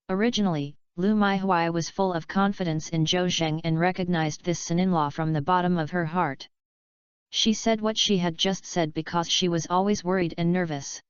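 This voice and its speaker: Smooth-voiced woman narrating an audiobook. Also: on the low side, steady tone, moderate pace, no room sound, lo-fi sound.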